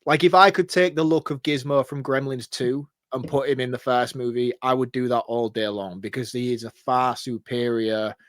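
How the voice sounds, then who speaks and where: An excitable man co-hosting a casual film podcast, rambling through his asides and laughing often. His voice sits at an everyday middle pitch. The recording is close and dry, with no room sound. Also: moderate pace, hardly any pauses, no echo. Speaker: podcast co-host.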